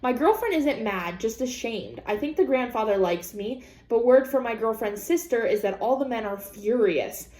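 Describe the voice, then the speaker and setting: A woman vlogger reads an online story aloud and reacts to it in casual chat. Her voice sits a little high, and she swears freely and bluntly with animated asides. The room rings with a noticeable echo. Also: normal speed, hardly any pauses. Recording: roomy echo.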